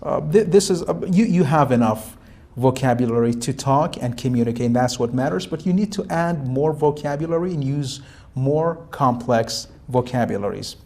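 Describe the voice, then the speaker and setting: A speaking examiner, a man with a mid-range voice, gives a student spoken feedback at a normal speed. He sounds calm and instructive but uses many fillers and restarts.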